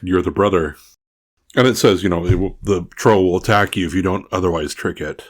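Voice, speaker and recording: A man with a low voice chats as co-host about a game module. He stays relaxed and agrees with short replies. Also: brisk. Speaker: podcast co-host. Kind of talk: casual tabletop game discussion.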